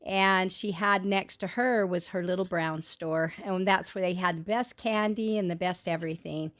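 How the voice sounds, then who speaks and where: A woman telling a personal childhood story to her family in an earnest, heartfelt, unhurried way. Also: lowish voice, steady tone, fairly bright tone.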